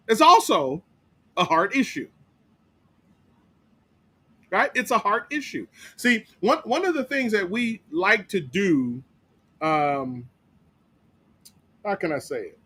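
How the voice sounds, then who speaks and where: High-voiced pastor teaching Bible study. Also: male voice, fairly bright tone, husky. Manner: emphatic, repetitive, with rhetorical "right?". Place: church.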